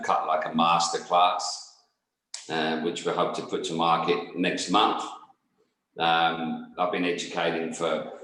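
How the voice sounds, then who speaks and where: A man's voice: deep voice, fairly bright tone. A middle-aged English man from England, a barber and educator, talking easily as a guest over a video call. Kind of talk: casual chat. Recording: very echoey remote call.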